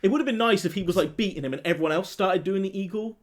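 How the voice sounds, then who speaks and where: A man co-hosting a casual film review chat, animated and laughing as he acts out scenes. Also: high voice, very fast. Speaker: podcast co-host.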